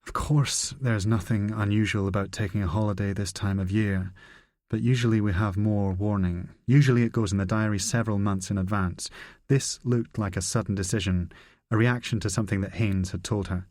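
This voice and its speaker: Brusque profane spy chief read by a male narrator, low voice, dry close sound. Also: fairly even intonation, a little fast, darkish tone, dry recording, lightly acted.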